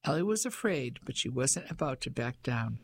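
A man reading a novel aloud as an audiobook narrator, measured and expressive. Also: mid-range voice, breathy edge. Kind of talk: scripted narration.

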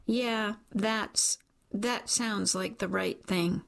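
A woman reading the lines of an earnest, gently teasing young man in an audiobook, keeping close to her own voice. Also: medium pitch, steady tone, very slow, gravelly. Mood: hurt, gentle. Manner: soft, warm, lightly teasing. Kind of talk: audiobook character voice.

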